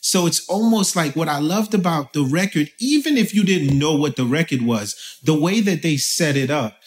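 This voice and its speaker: A man from Haiti talking as an interview guest, telling stories in a loose, animated way with lots of fillers. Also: fairly high pitch, normal speed. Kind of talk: casual conversation.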